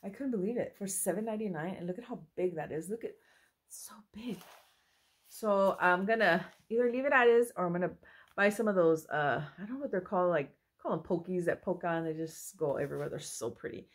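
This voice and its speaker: A woman chatting excitedly at home in a casual haul vlog, often apologizing as she shows things to a handheld camera. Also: on the low side, fast talker. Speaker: mother showing a thrift haul. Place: at home, indoors. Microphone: handheld phone or camera she moves around.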